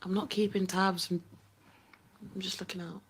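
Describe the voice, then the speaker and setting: A woman's voice: mid-range voice, level tone, moderate pace, husky, natural voice. An actress playing a chatty young woman who teases her friend. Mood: coaxing. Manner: teasing, giggly.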